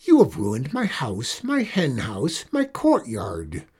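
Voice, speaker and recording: A man voicing a grumpy old witch woman who bellows and snarls in slow, gruff outbursts in a read-aloud story. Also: lowish voice, huge pitch swings, darkish tone, heavily acted. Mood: moaning. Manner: gruff, growling, drawn-out outbursts. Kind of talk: storybook character voice.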